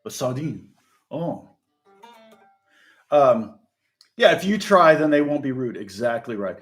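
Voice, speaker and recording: A man's voice: mid-range voice, expressive, slow pace. Man, middle-aged, guitar teacher, casual live-stream chat, rambling, laughs often. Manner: rambling, chatty, laughs often, many restarts.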